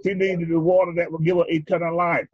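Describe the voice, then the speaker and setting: A male preacher giving a sermon in a rhythmic, drawn-out style, calling for responses from his congregation. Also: a little high, level tone, slightly rough, no room sound. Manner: rhythmic, drawn-out phrasing, leads the congregation in repeating lines. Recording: dull lo-fi recording.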